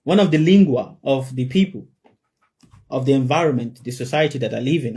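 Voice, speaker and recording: A man's voice: mid-range voice, brisk, dark tone, breathy edge. A man giving an emphatic spiritual sermon to a live audience, repeating his key phrases for effect. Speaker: spiritual teacher.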